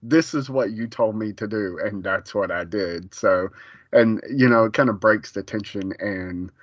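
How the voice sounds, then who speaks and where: A man co-hosting a podcast in relaxed casual chat, laughing often as he talks. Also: on the low side, measured pace, no room sound, muffled recording. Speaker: podcast co-host.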